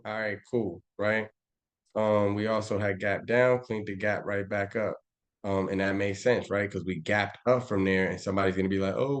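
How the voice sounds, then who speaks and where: A man on a live stream breaking down trading charts in a loose, slangy, profane and animated way. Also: fairly low pitch. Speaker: trading educator.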